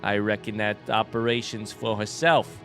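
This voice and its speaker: A man reading game dialogue aloud as gruff, businesslike male bug scrap merchants, drawling slowly in a put-on Boston and New York accent. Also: on the low side, fairly even intonation, a bit bright, soft background music, lightly acted. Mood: haggling.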